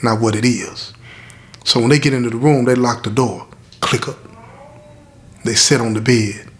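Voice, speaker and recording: A man's voice: medium pitch, a bit bright. A middle-aged man, a former inmate, telling a story in an emphatic, direct way and speaking straight to his listeners. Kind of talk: casual storytelling.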